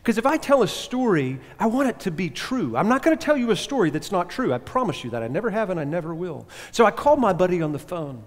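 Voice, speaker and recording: A male pastor preaching a sermon, telling a story earnestly, with sudden emphatic rises and hushed drops. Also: sits high, very animated, fast talker, hardly any pauses. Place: church. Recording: echoey church hall reverb.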